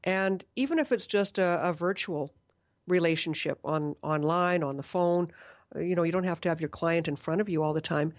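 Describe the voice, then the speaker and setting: A woman's voice: on the low side, moderate pace, dry recording, studio quality. A woman talking about marketing in a casual conversation, earnest and emphatic.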